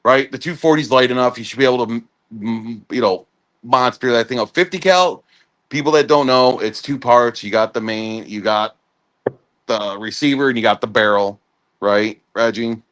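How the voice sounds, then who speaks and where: A man in casual conversation breaks down army equipment for listeners in plain terms. He jokes easily, and his voice sits at an average pitch. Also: moderate pace, a bit bright. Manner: explanatory, joking. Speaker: army veteran co-host. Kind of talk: casual chat.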